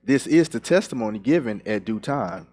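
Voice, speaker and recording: A man reading scripture aloud in a sermon, with steady, measured delivery. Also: mid-range voice. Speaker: scripture reader.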